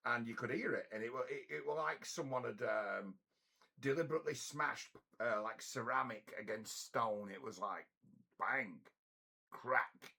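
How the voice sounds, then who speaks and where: A middle-aged man rambles through a story, blunt and profane. His voice is gravelly and a little raspy, yet it carries a bright, forceful bite. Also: mid-range voice, unhurried. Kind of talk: casual storytelling monologue.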